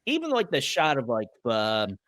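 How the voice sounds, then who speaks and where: A man from Ireland talking in an animated, casual way on a podcast, full of fillers and quick impressions. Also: mid-range voice, no echo. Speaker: podcast panelist. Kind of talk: casual chat.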